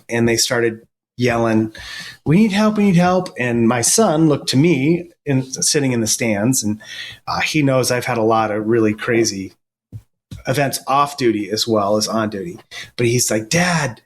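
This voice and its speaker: A middle-aged man, a firefighter and paramedic, telling stories in a casual interview, earnest and halting with frequent restarts. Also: medium pitch.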